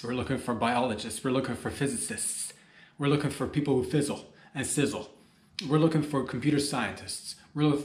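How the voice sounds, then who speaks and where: Man, comedy podcast host, loose rambling jokey delivery, mid-pitched, roomy echo. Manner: rambling, jokey, talks straight to listeners. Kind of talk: rambling solo comedy monologue.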